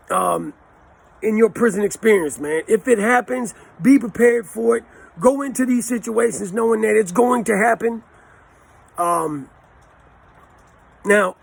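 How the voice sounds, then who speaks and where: A man's voice: high voice, creaky, husky. A man in his forties, a channel host, telling stories in a blunt, profane way with a lot of street slang. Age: 40s. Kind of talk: casual storytelling to camera.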